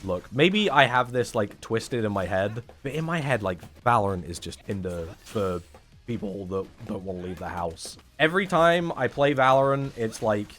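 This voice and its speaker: A man's voice: lowish voice, animated, normal speed, a bit bright. A young man, talking casually and sarcastically to his chat on a live stream, rambling and swearing often.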